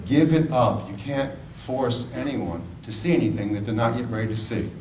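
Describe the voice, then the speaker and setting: A man voicing a calm older father who gives firm, measured advice, recorded at a distance in a roomy space. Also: mid-range voice, background noise, lightly acted. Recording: roomy, distant mic, faint ambience.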